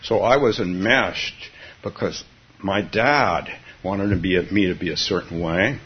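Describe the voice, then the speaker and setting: A man's voice: sits low, unhurried, breathy edge. A man from California giving a Zen dharma talk, musing aloud with frequent chuckles and restarts. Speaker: Zen teacher. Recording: dull lo-fi recording.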